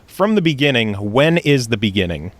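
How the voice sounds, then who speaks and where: A man's voice: mid-range voice, very animated, normal speed, no echo. A man hosting a podcast who teases his guests and laughs easily. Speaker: podcast host. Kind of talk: casual podcast chat.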